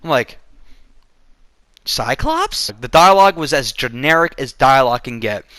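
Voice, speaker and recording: Forceful, profane male movie ranter. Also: medium pitch, expressive, a little fast, no echo. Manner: profane, sarcastic ranting. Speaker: movie reviewer. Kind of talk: casual movie review rant.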